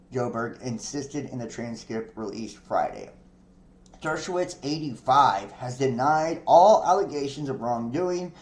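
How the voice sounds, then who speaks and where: A man's voice: medium pitch, a little mellow. A man hosting a podcast, reading news articles aloud and breaking off into profane, chatty commentary with frequent laughs. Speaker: podcast host. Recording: echoey room.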